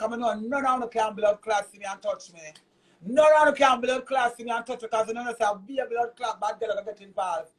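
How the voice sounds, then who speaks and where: A man's voice: very high-pitched, rough recording. A man with a Jamaican accent delivering a heated, cursing, repetitive rant in a vlog. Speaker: vlogger.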